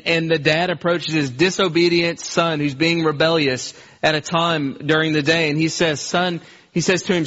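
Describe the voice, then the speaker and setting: A man's voice: a little high, a bit bright, highs cut off. Earnest man preaching a sermon. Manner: earnest, acts out everyday scenes, slows for emphasis.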